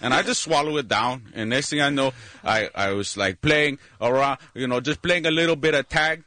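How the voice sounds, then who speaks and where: A deadpan baseball player, voiced by a man in a radio comedy bit. He rambles through absurd tales without a flicker of concern. The tone is bright and forward. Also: mid-range voice, normal speed, dry recording, natural voice. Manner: deadpan, tells outrageous stories matter-of-factly.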